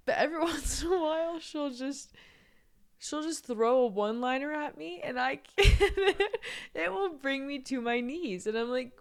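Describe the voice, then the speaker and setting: High-voiced young woman telling stories. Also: a little slow. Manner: animated storyteller, laughs often, swears freely. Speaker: podcast co-host. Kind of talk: casual chat.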